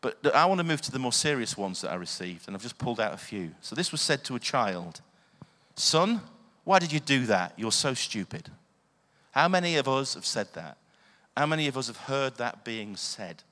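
A man's voice: medium pitch, very animated, brisk, few pauses, bright, forceful tone. A man preaching a sermon, earnest, often asking the listeners questions. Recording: long hall reverb.

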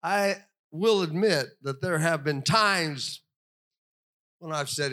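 High bright-voiced older male pastor. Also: takes it slowly. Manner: animated storytelling, acts out quoted voices. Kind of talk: sermon.

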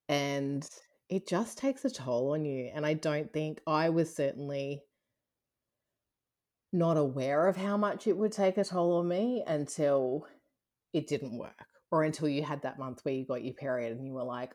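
A woman's voice: sits low, measured pace. A woman in her thirties, a guest in a casual interview, telling a personal story candidly and laughing often. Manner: candid, laughs often, lively when retelling.

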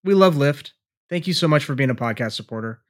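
A man's voice: medium pitch, expressive, fairly quick. A man co-hosting a podcast in casual chat over a remote call from his garage, laid-back and loose. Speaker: podcast co-host.

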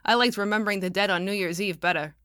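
A woman voicing a loud, haughty, bullying man with rough country grammar. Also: sits high, fast, no echo, studio quality. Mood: grumbling. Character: loud bullying old-fashioned man, stubborn.

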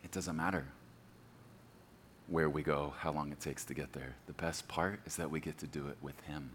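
A man's voice: very deep voice, steady tone, normal speed, fairly bright tone, in a large hall, slight background noise. A man in his forties preaching a sermon as a pastor, telling stories with laughter and self-deprecating humor. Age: 40s.

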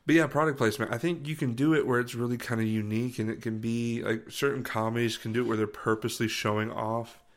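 A man's voice: mid-range voice, steady tone, quick pace, hardly any pauses. A man in casual chat, rambling and searching for words as he tells a story.

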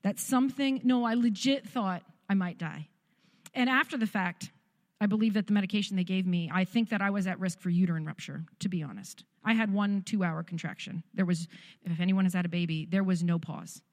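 A woman's voice: lowish voice, fast talker, big-room sound. A middle-aged woman giving a personal testimony, telling her story candidly and poking fun at herself. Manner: candid, self-mocking storytelling. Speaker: speaker sharing testimony.

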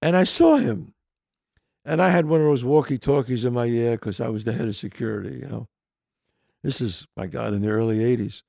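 Older new guy podcasting, gravelly voice, dry close sound, chatty story mode. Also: mid-range voice, a little fast, dry recording. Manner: animated anecdote with quoted voices, some swearing. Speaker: podcast host. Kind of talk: casual storytelling.

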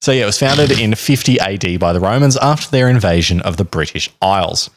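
A man's voice: lowish voice, expressive, fairly quick, slight background noise. A man hosting a podcast, telling a history story in a casual, joking, rambling way. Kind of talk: casual chat.

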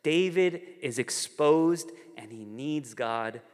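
A man preaching a sermon, telling stories in an animated way and acting out the characters. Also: medium pitch, slow, long reverb tail. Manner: storytelling, animated, voices characters. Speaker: pastor.

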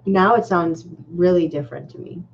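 A woman's voice: on the low side, normal speed. Easygoing woman on a muffled call. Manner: easygoing, laughs often. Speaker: podcast co-host. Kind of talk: casual chat. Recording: muffled lo-fi call with faint noise.

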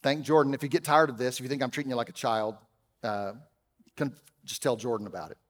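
A man preaching a sermon as pastor, conversational, with humorous asides, swinging from loud emphasis to quiet. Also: mid-range voice, steady tone, quick pace, in a large hall. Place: church auditorium.

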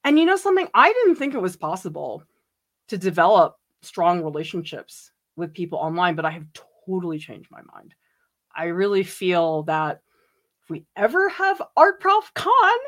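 A woman hosting a casual livestream, reading out viewer comments and chatting about them, gushing and giggling with big swings in pitch. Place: home.

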